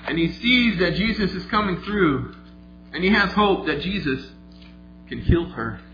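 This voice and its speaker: A preacher with a bright, ringing voice retells a story, swinging from hushed to emphatic lines. His voice sits a little high for a man. The sanctuary adds a long echo, the sound is slightly dull, and faint music plays underneath. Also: lively intonation, measured pace. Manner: vivid retelling with shifts between quiet and emphatic. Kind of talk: sermon storytelling.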